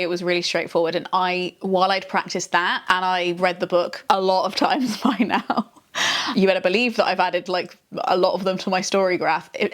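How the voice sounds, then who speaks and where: A woman hosting a casual vlog, talking straight to camera in a slightly low voice. She explains things step by step, chatty and easygoing, with frequent laughs. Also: a bit bright. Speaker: author and video host.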